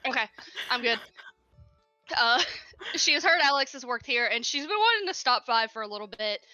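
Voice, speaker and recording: A woman's voice: on the high side, animated, moderate pace, sharp tone, dry recording, faint music behind, low-quality recording. A young woman player in a tabletop role-playing game, narrating her character in a bubbly way and laughing often.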